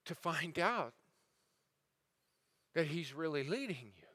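A male pastor preaching a sermon, telling stories with swings between building intensity and a hushed, somber tone. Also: a little high, lively intonation, takes it slowly, husky. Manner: dramatic storyteller, rising and falling intensity. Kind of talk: sermon storytelling. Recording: sermon audio recording.

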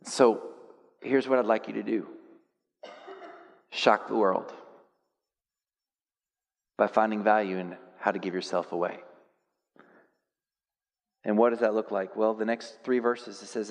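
A man preaching a sermon as pastor, telling stories with self-deprecating humor and swinging from quiet reflection to loud, animated outbursts. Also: fairly low pitch, measured pace, pauses often, in a large hall.

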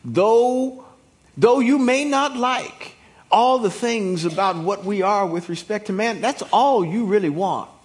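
Man, pastor, sermon, high voice, emphatic, folksy, shouting at peaks. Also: measured pace.

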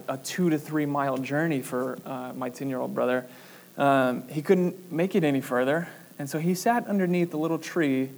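Young man preaching a casual sermon. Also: fairly high pitch. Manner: casual, chatty storytelling with fillers and laughs; measured scripture reading. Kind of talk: sermon with personal story.

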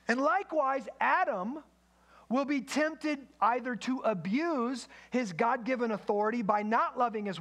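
A man's voice: extremely high pitch, fairly bright tone. A man preaching a sermon in a conversational way, with asides to the congregation. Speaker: pastor.

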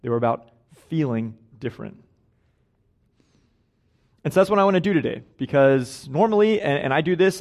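A man's voice: mid-range voice, darkish tone. Chatty, self-mocking young male preacher. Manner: chatty and self-deprecating, laughing at his own stories. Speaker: guest preacher. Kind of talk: casual conversational sermon. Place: church sanctuary.

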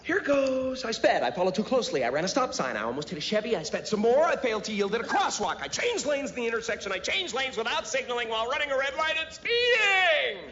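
An actor playing a frantic male driver who blurts out a rapid string of confessions to a police officer. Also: very high-pitched, big pitch swings, sharp tone, full character voice. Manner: rapid, breathless, piling up confessions. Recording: dull film clip with faint hiss.

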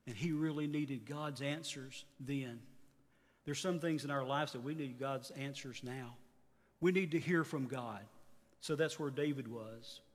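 A pastor in his fifties preaching a sermon earnestly, his voice rising on exhortations and dropping low at the ends of phrases. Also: in a large hall. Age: 50s.

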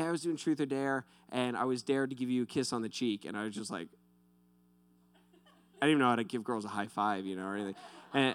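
A young man preaching a sermon, telling animated, self-deprecating stories. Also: a little high, smooth, no echo. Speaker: pastor.

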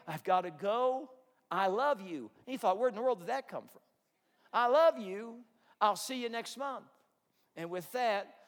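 A man preaching a sermon, telling a story with earnest, animated delivery. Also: a little high. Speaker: pastor. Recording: long hall reverb.

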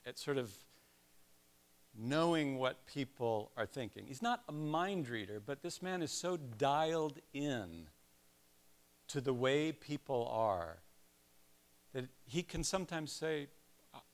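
An older man preaching a sermon in a conversational way, with self-deprecating asides and personal stories. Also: medium pitch. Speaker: pastor.

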